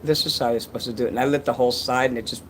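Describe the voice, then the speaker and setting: A man's voice: medium pitch, fairly even intonation, racing, a bit bright, slight background noise, poor audio. A man casually chatting on a livestream, reading donations and rambling with crude jokes and many restarts.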